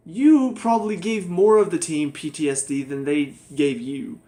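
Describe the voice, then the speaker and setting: A man's voice: fairly high pitch, fairly even intonation, normal speed, hardly any pauses, mellow. A young man giving a casual spoken TV review, ranting in exasperation and mocking the characters. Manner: exasperated, ranting, mocks characters in quoted voices. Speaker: TV show reviewer.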